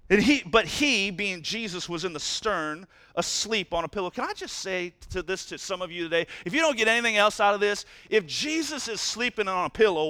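High, bright-voiced preaching man. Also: no room sound. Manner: animated, playful preaching with sudden loud bursts and hushed drops. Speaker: pastor. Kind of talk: sermon. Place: church.

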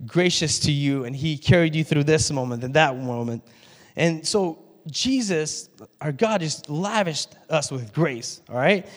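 A man preaching a sermon, leaning on an easy, chatty delivery with little laughs and asides to the congregation. His voice sits a bit higher than most men's. It carries with the long reverb of a church hall. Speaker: pastor.

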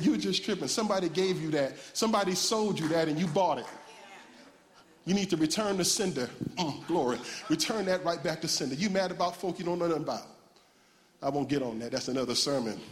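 High-voiced preacher in a ringing hall. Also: male voice. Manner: lively preaching, call-and-response shouting, laughs. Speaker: pastor. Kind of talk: animated sermon. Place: church sanctuary. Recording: church hall reverb.

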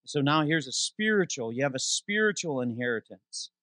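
A man preaching as interim pastor in a church, reading scripture slowly for emphasis and posing questions to the congregation before answering them himself. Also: medium pitch, no room sound. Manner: animated preaching, reads scripture aloud with slowed emphasis. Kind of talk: sermon. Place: church sanctuary.

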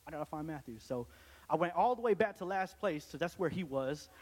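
Young man, casual joking church testimony, a bit high-pitched, reverberant hall. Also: animated, fairly quick, darkish tone, slight background noise. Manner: casual, joking, many restarts. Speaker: church speaker giving testimony. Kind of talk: testimony to a congregation.

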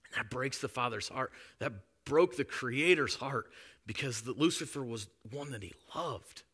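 A male preacher delivers a sermon in a bright, ringing voice. He preaches emphatically, dropping to a hush and then building to loud, forceful declarations. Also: mid-range voice, expressive, normal speed, husky. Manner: emphatic, swings from hushed to loud.

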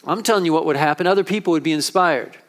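High-voiced man preaching a sermon. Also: quick pace. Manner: impassioned preaching with rising and falling intensity. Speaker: pastor.

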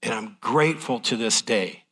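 A man's voice: mid-range voice, animated, normal speed, fairly bright tone, slightly rough. A middle-aged man preaching a sermon in a folksy, candid, emotional way. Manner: folksy, transparent, emotional delivery.

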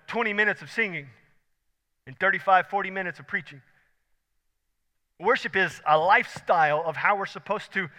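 A pastor preaching a sermon, emphatic, repeating key words and swinging between loud and soft. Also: male voice, high voice. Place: church sanctuary. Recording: long hall reverb.

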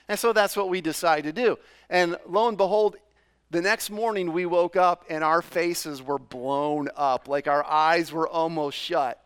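A man's voice: a little high, unhurried, clear, resonant tone. A middle-aged man from New England preaching a sermon in a loose, conversational way, full of fillers and questions to the congregation. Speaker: pastor.

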